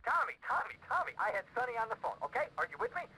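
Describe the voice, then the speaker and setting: A jittery lawyer rattles on in a high, fast voice in a crime game. He frets and rambles without pause. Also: big pitch swings, sharp tone, a little hiss or hum, heavily acted, poor audio. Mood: panicky. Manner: nervous, rambling. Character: panicky jittery male lawyer.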